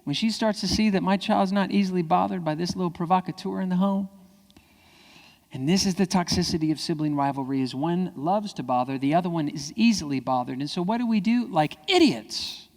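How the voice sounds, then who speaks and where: A man giving a lively keynote speech to parents, acting out quoted kids and parents in high voices. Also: fairly quick, gravelly. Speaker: keynote speaker. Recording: hall reverb.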